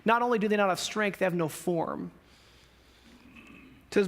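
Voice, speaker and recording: High-voiced man preaching a casual sermon. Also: moderate pace, pauses often. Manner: conversational preaching with emphatic rises. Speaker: pastor. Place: church sanctuary.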